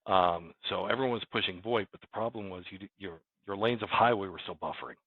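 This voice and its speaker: Over dry, phone-like remote call audio, a company president talks fast in a low, husky voice. He's a casual interview guest who rambles and keeps restarting his sentences.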